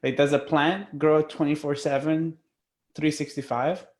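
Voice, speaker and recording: A man's voice: fairly high pitch, unhurried, reverberant. Casually swearing man in group talk. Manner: animated storyteller who swears casually. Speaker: participant.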